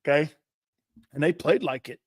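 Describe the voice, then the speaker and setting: A brash man delivers a sports talk monologue in a fairly high voice, swearing freely and slipping into quoted exchanges as he tells the story. The sound is dry and close, with no room echo. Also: normal speed, husky. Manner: brash, profane, acts out quoted conversations. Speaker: sports talk show host.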